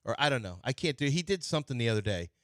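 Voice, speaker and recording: A man hosting a sports radio show, talking in an animated, playfully argumentative way. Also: medium pitch, very fast, dry recording, clean studio sound. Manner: animated, playfully argumentative, jumps between topics. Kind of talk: casual sports talk banter. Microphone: studio mic.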